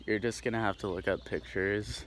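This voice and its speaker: He is a young vlogger from Tacoma, Washington, in the Pacific Northwest, casually walking a neighborhood and rambling with frequent fillers and restarts. His lowish voice is steady in tone, fairly bright, and a little fast, with faint outdoor noise in the recording.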